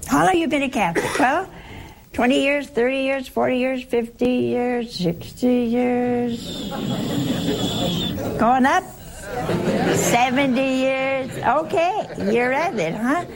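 Woman Bible teacher, unhurried delivery with a gravelly edge, teasing rhetorical questions. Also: high voice, over a noisy crowd, very noisy. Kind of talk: conversational sermon.

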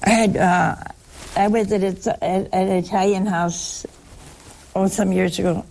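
A woman's voice: mid-range voice, level tone, a little slow, gravelly, darkish tone. A woman giving a spiritual talk to a broadcast audience, telling folksy stories and asking rhetorical questions. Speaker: religious speaker.

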